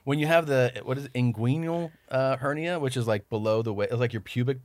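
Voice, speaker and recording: A man's voice: mid-range voice, brisk, a little mellow, no room sound. A man chatting as a podcast guest, telling a long story with swearing and acted-out quotes. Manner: rambling, swears, acts out quoted dialogue. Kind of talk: casual storytelling chat.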